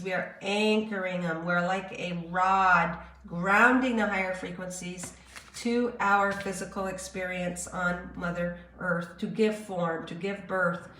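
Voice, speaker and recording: A woman giving a live-streamed channeled spiritual message in a slow, searching, meditative way. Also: fairly low pitch, a bit bright, reverberant, slight background noise.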